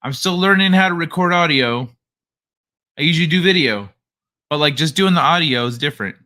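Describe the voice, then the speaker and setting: Young male streamer, bright tone, casual and profane, rambling late-night chat. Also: on the high side, expressive, brisk. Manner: rambling, profane, laid-back. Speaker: live stream host. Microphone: desk microphone he adjusts.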